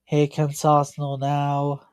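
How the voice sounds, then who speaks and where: A woman's voice: deep voice, completely flat delivery, slow pace, a little mellow, clear, resonant tone, no echo. A tired woman hosting a live football watch-along, chatting and commenting on play in a rambling, chatty way. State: tired, yawning. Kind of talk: live match commentary and chat.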